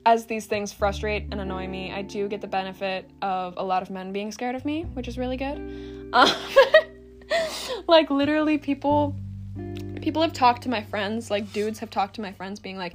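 A woman's voice: medium pitch, lively intonation, moderate pace, faint music behind. A young woman hosting a casual solo podcast, ranting bluntly and sarcastically with lots of swearing and laughter. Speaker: podcast host.

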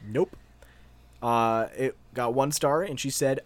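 A man co-hosting a casual podcast, relaxed and dry as he reads out reviews. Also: medium pitch, slow pace. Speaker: podcast co-host. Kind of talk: casual chat, reading reviews aloud.

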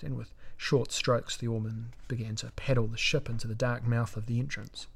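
A man narrating a fantasy battle story in a measured, dramatic audiobook reading. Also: medium pitch, creaky, breathy edge.

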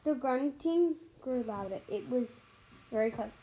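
A woman reading a children's story aloud, expressive, with dramatic pauses and sound words. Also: a little high, slight background noise, low-quality recording.

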